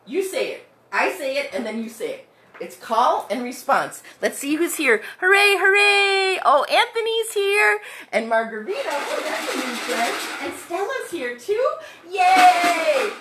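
A woman's voice: high-pitched, very animated, moderate pace, roomy sound, distant mic, noisy background. Bubbly fifties woman teaching kids music. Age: 50s. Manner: bouncy, playful, sings call-and-response songs. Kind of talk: live online kids' music class.

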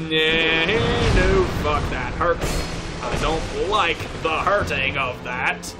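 Slow, playful gaming man, fake-fancy. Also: a little high, loud music behind the voice. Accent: put-on English accent. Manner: playful, mock-posh, swears, talks to enemies. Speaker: gameplay commentator. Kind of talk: let's play commentary.

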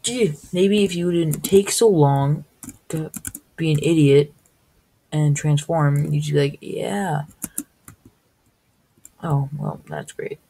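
A woman's voice: low voice, steady tone, slow, mellow, a little hiss or hum, rough recording. A woman hosting a casual let's-play video, exclaiming and gasping at the game. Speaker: gaming video host.

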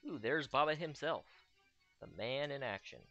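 A man's voice: medium pitch, animated, normal speed, sharp tone, muffled recording, faint music behind. Sarcastic young man commentating a game. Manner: sarcastic, joking, chatty. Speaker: let's play host. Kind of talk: casual gameplay commentary.

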